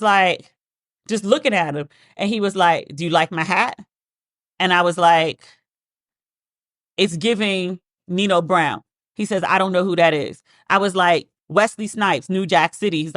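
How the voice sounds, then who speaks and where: A woman hosting a podcast, telling casual stories in a chatty, animated way and acting out the voices of people she quotes. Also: on the low side, normal speed, no echo, studio quality. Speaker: podcast host. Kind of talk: casual storytelling monologue.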